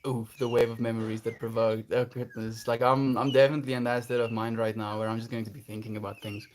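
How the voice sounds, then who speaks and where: A man's voice: medium pitch, flat delivery, fast, a little mellow, a little hiss or hum. Earnest, reflective male livestreamer. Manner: reflective, earnest, laughs often. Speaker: livestreamer reading chat. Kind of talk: casual livestream chat.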